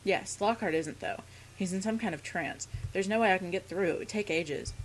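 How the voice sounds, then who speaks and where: A woman's voice: on the low side, moderate pace, slight background noise, close to an everyday voice, low-quality recording. A woman voicing a loyal schoolboy sidekick, reading game dialogue aloud in her plain voice.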